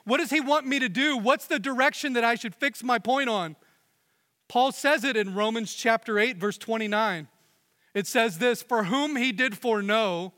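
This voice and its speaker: High, bright-voiced preacher man in a hall. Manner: earnest preaching, rising and dropping to hushed emphasis. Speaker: pastor. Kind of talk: sermon. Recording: long hall reverb.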